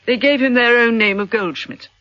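An actress playing a wealthy middle-aged widow in a radio drama, effusive, melodramatic and sentimental. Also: female voice, on the high side, moderate pace, fairly bright tone, no room sound, lightly acted. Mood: gushing. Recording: dull lo-fi radio broadcast.

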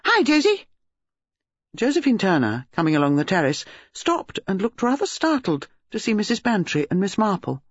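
A woman narrates a novel with expressive, lively intonation. Her voice is husky and breathy, and the recording is dry and slightly lo-fi. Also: mid-range voice, a little fast, hardly any pauses, no echo. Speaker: audiobook narrator. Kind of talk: scripted narration. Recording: slightly dull lo-fi audio.

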